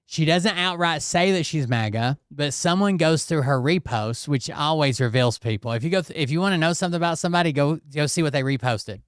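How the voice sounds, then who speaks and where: A man's voice: on the high side, a little fast, hardly any pauses, clean tone, dry recording, clean studio sound. A man ranting through casual commentary, swearing often and tagging his points with "okay?" and "blah, blah, blah.". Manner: profane, repeats "okay?" and "blah, blah, blah". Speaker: commentary channel host.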